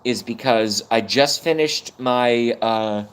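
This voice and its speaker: A man's voice: mid-range voice, slow pace, slight background noise. Profane rambling livestream man. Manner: profane, blunt and swings between energy and fighting tears. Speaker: YouTube livestream host. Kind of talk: rambling live-stream monologue.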